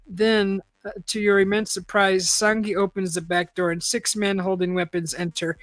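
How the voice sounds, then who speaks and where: A woman's voice: medium pitch, steady tone, normal speed, no room sound. A woman hosting a casual live-stream, reading a choose-your-own-adventure book aloud, chatting and laughing often.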